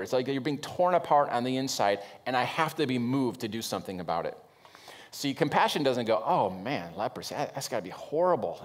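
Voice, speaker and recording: A middle-aged man preaching from the pulpit in an average-pitched voice. He talks to the congregation with plenty of conviction, surging into loud, emphatic lines and then dropping low for asides. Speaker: pastor. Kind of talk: sermon.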